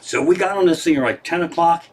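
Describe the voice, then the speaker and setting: A man's voice: fairly high pitch, fast talker. A middle-aged man, a comedian, telling a rambling, profane story in a casual live stream from his living room.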